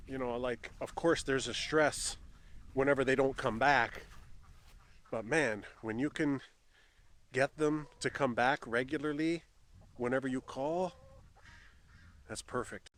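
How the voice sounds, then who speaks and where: A man vlogging outdoors on his farm, talking casually to the camera and gently chatting to his cats, ducks and geese. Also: medium pitch, a little slow, pauses often. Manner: chats softly to his animals. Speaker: homesteading vlogger. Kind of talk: casual farm vlog talk.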